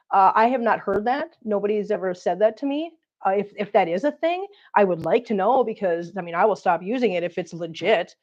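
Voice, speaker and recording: A woman's voice: mid-range voice, highs cut off. A woman chatting through a live vlog while cleaning up after her cats, out of breath from the heat and cooing at them in baby talk. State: overheated and out of breath. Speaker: cat channel vlogger. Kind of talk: unscripted live-stream chat while cleaning.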